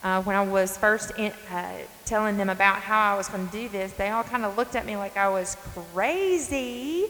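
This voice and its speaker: Speaking at a moderate pace with few pauses, this North Carolina woman in her forties has a mid-range, fairly bright voice and a Southern accent. She hosts a faith podcast from her front porch in an earnest, folksy, emphatic way, with soft music behind her, long reverb and faint hiss.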